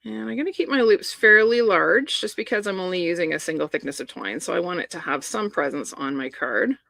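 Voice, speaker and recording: A woman's voice: on the low side, lively intonation, brisk, creaky, pushed and bright, no echo. A middle-aged woman chatting enthusiastically while showing a crafting project step by step. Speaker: papercraft demonstrator. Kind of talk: live crafting demonstration.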